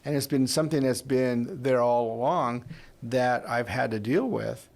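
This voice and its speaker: Gravelly sixties man telling a story. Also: medium pitch, measured pace, a little mellow. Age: 60s. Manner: storytelling, rambling with restarts. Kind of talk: conversational podcast interview.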